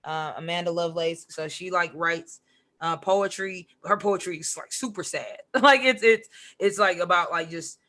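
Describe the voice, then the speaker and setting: A woman's voice: fairly low pitch, moderate pace. A woman, a podcast guest chatting casually and acting out quotes, with lots of "like". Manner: animated, says "like" a lot, acts out quotes. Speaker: podcast guest, comic writer and poet. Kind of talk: casual chat.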